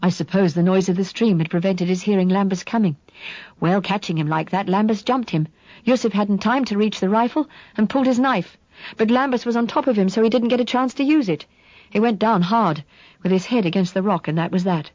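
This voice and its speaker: A woman reading a novel aloud in first-person narration, measured and quietly dramatic. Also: mid-range voice, no echo, muffled recording. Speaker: audiobook reader.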